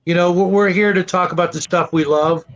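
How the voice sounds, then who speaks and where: A man in a casual online chat, talking in a warm, rambling way with many fillers. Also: high-pitched, steady tone, a little fast, dull audio.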